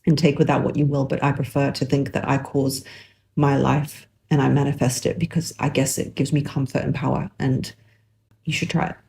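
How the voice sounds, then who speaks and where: A woman's voice: a bass voice, little pitch movement, moderate pace, gravelly, a little mellow, slightly rough, no echo. Chatty woman with a cold, dry sound. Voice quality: chatty, rambling, self-mocking. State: has a cold. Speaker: podcast host. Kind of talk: casual monologue to listeners. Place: in a parked car. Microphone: makeshift mic setup.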